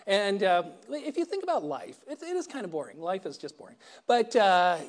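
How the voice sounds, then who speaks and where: A man's voice: sits high, big pitch swings, moderate pace. A middle-aged man giving a personal recovery talk, wry and self-deprecating, often stammering and restarting his sentences. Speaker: recovery meeting speaker.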